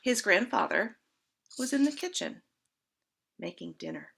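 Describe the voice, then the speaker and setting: A woman reads a picture book aloud for children in a bright, expressive voice. She takes her time, her pitch moves a lot, and she gently asks the listeners questions. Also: measured pace, vocal fry, husky. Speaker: storyteller. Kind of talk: children's story reading.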